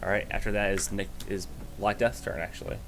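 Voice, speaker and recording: A man's voice: lowish voice, fairly even intonation, brisk, fairly bright tone, a little hiss or hum. A man narrating as game master of a livestreamed tabletop game, improvising loosely and correcting himself as he goes.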